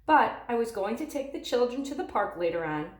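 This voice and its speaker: A woman voicing a tired mother who talks in a weary, low way. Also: sing-song, brisk, echoey room. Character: tired mother worn out in bed.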